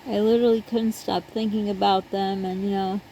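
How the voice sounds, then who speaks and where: A middle-aged woman vlogger who talks to her viewers in an earnest, rambling, halting way. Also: mid-range voice, little pitch movement, dark tone, slight background noise, poor audio. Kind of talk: casual personal talk to camera.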